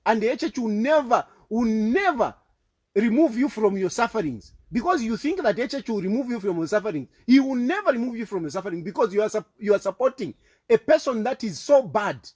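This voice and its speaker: A man's voice: high-pitched, big pitch swings, brisk, darkish tone, breathy edge. A man with a Zambian accent delivering an impassioned, repetitive political rant, accusing and fervent. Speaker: political commentator.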